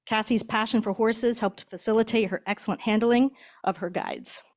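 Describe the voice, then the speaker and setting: A woman's voice: fairly high pitch, fairly even intonation, normal speed. Chatty woman giving a ceremony speech. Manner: warm, chatty, laughs between introductions. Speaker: guide dog instructor. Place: indoor ceremony hall.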